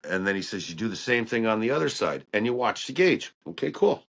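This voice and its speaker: A man telling stories about working on ships in a casual, animated way. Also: fairly low pitch, quick pace. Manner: animated storyteller who acts out quotes. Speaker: guest, ship engineer. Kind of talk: casual storytelling chat.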